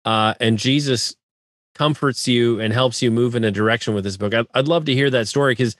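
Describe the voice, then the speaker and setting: Man, interview host, thoughtful and halting, dry close sound. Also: mid-range voice, no room sound. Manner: thoughtful, halting, many restarts. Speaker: podcast host. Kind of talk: interview questions.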